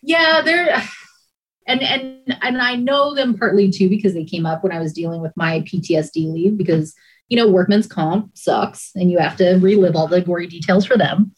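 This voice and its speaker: A woman and former emergency dispatcher recounting hard calls in a halting, emotional way, with many restarts and pauses. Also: on the low side, lively intonation, soft background music, poor audio. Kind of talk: personal account in a conversation.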